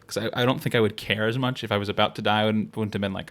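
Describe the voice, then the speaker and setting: A man's voice: on the low side, fairly even intonation, racing, fairly bright tone. A young man from the United States co-hosting a podcast in casual chat, joking, laughing and cursing casually. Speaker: podcast co-host.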